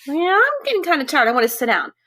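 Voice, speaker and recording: Goldilocks, a woman voicing a bright curious little girl. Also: sits high, sing-song, fast talker, voice pushed up, full character voice. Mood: casual.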